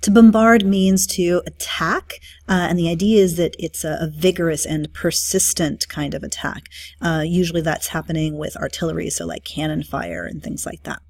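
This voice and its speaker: A woman's voice: fairly low pitch, steady tone, normal speed, vocal fry, a little mellow, dry recording. A woman teacher talking through a study guide review, explaining terms with frequent um and uh fillers.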